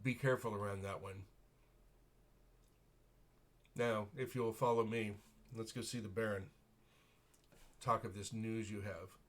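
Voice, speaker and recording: A man's voice: on the low side, steady tone, moderate pace, close to an everyday voice. A man voicing a courteous, wry guard captain in a breastplate who speaks in a formal, old-fashioned way.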